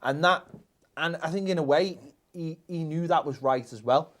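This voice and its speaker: A blunt, opinionated man argues about football in a casual panel chat. His voice sits a little higher than most men's. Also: moderate pace. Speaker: football pundit.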